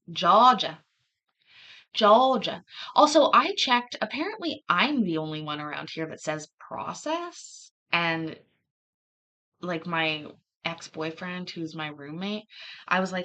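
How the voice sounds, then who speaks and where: A woman's voice: fairly low pitch, animated, slow pace, long pauses, pushed and bright. A woman hosting a livestream, chatting casually and rambling, often laughing between thoughts. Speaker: livestream host.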